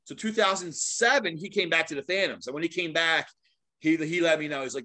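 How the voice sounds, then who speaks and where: A middle-aged man, a guest and longtime sports mascot, telling stories in a casual, animated way, laughing often and acting out what others said. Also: on the high side, fairly quick. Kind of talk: casual storytelling.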